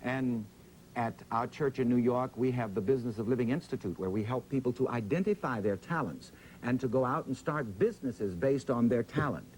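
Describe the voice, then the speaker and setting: A man, interviewed as a preacher, tells his story with a dramatic, drawn-out pulpit cadence. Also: medium pitch, darkish tone, a little hiss or hum, poor audio.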